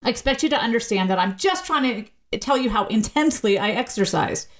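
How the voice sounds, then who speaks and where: A woman speaking as a linguist guest in a casual podcast interview, explaining with lively pitch changes and shifting pace. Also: a little fast. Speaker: university teacher.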